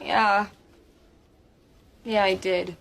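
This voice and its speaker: An actress playing a flustered, upbeat teen girl in sitcom dialogue, expressive and easily exasperated. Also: medium pitch, extremely slow, gravelly, a little hiss or hum, full character voice.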